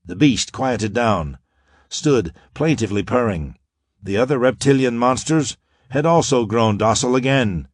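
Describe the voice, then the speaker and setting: A man narrating a pulp science-fiction audiobook in a dramatic, expressive way. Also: mid-range voice, measured pace, no room sound, clean studio sound.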